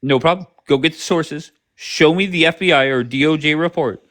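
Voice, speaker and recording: A man's voice: a little high, moderate pace, a bit bright. Sarcastic, swearing male livestream host. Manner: combative, sarcastic, swears a lot. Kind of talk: casual profane livestream chat.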